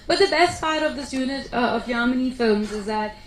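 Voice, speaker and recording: A woman, an actress answering press questions in an animated, chatty way. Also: high-pitched, fairly quick. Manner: chatty, animated storytelling with laughs. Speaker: actress at a film press meet. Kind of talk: casual press conference answers. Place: press conference room. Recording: echoey room, faint background noise.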